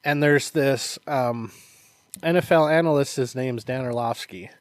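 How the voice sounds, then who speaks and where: A man's voice: mid-range voice, a little slow, no room sound, studio quality. A man co-hosting a casual podcast, telling stories animatedly, acting out quotes and laughing often. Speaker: podcast co-host, martial arts instructor. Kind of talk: casual chat.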